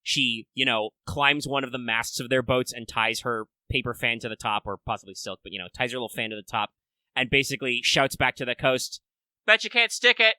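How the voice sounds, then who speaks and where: In a brisk, medium-pitched voice with fairly even intonation, a podcast host explains things casually to his listeners. He sounds forceful and bright, rambling with filler words and restarts. The sound is close and dry, with no room sound.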